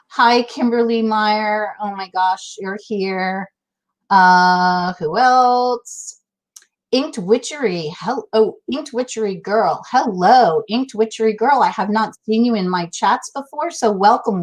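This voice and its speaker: A chatty woman hosting a relaxed live-stream chat. She talks casually and laughs often, greeting people one after another in an even, mid-pitched voice. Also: takes it slowly. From Massachusetts, USA. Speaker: host.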